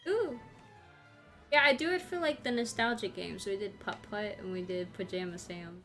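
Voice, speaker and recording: Woman, casual stream chat, giggly, bright voice, game music behind. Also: mid-range voice, normal speed. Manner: giggly, chatty, trails off mid-sentence.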